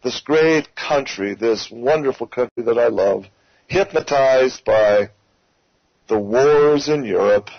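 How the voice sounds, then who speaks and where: A man's voice: mid-range voice, slow, no room sound, highs cut off. A man hosting a talk radio show, delivering an emphatic, ranting opinion monologue and repeatedly calling his listeners folks.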